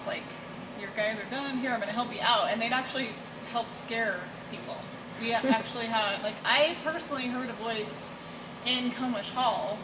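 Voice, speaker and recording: A woman answers an interviewer's questions in an even, chatty voice, laughing now and then. She sounds set back from the mic in a roomy, echoing space. Loud noise sits under her voice. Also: mid-range voice. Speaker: building owner and haunted house operator. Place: old school building, indoors. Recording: echoey room, distant mic, loud background noise.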